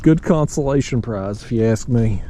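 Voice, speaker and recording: A man's voice: medium pitch, lively intonation, moderate pace, warm tone, a little hiss or hum. A man casually narrating to camera while fishing from a kayak on a river, drawling and folksy, calling his viewers y'all and buddy. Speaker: fishing vlogger.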